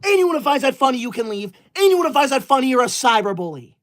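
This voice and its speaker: A man's voice: very high voice, big pitch swings, fast talker, a bit bright, exaggerated voice. A man playing a touchy, self-righteous teacher's-pet boy livestreamer who scolds and bans his viewers in melodramatic outbursts. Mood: indignant. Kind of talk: comedic character skit.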